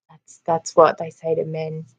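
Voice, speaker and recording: Chatty Australian woman, bright dry voice. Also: low-pitched, no echo, highs cut off. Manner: chatty storyteller, laughs often, reads out viewer comments. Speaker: livestream host. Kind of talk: casual livestream chat.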